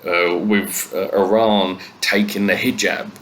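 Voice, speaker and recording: A comedian going through the news in a sweary, sardonic rant full of fillers and restarts. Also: male voice, low voice, fairly even intonation, slow pace, a bit bright, slight background noise.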